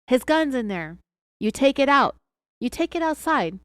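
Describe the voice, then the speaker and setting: A woman's voice: high voice, big pitch swings, normal speed, fairly bright tone, no room sound, voice pushed up. A woman voicing a male federal agent who pushes hard in an interrogation. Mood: insistent. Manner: insistent, pressing, raised voice.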